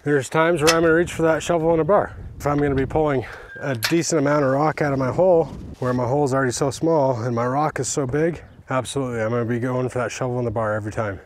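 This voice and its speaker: A man talks casually while digging outdoors on hard ground. He is energetic, exclaims often, and breathes hard from the work. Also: mid-range voice, fast talker, a little hiss or hum. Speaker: fence installer testing tools. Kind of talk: casual product test while working.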